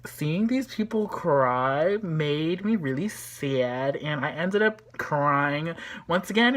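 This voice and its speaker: A woman chatting casually as she recaps and reviews a show episode, talkative and full of fillers, with lively reactions. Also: deep voice, slow, a little hiss or hum.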